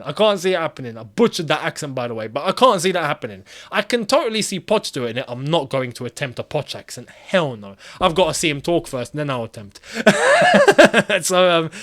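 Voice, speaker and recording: A man's voice: on the high side, fairly bright tone. A man hosting his own football channel, chatting casually and animatedly and laughing often. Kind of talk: casual football chat vlog.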